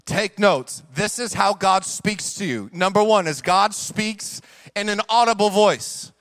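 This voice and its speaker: A young adult man preaching a sermon as pastor, animated, moving from quick hushed asides to drawn-out shouted emphasis, with casual slang asides to the congregation. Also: sits high, dry recording.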